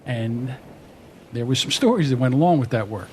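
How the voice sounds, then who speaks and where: A man calmly introducing stories about his father on a podcast. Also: medium pitch, normal speed, a little hiss or hum. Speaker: podcast host. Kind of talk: spoken intro.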